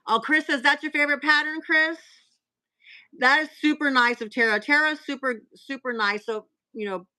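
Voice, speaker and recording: A woman hosting a casual live stream, reading out cards and messages in a chatty way with filler pauses. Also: a little high, bright, forceful tone, low-quality recording.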